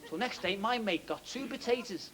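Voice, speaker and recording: A man's voice: high voice, expressive, moderate pace. A man telling a rambling joke on stage, chuckling at his own story. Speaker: stand-up comedian. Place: live comedy venue. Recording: noisy live recording with loud crowd.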